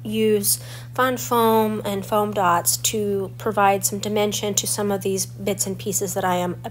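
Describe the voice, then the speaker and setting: A woman's voice: medium pitch, little pitch movement, measured pace. A woman in her forties with a stuffy, slightly crackly voice from a cold, chatting through the steps of a scrapbooking tutorial. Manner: chatty and explanatory, walking through each step. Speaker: scrapbooking channel host. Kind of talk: crafting tutorial voice-over.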